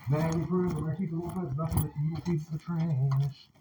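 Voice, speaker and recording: A man's voice: fairly high pitch, fairly even intonation, normal speed. A man talking at length to his mother in a rambling, repetitive way, often stopping to ask for her agreement. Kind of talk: rambling home conversation. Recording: loud background noise.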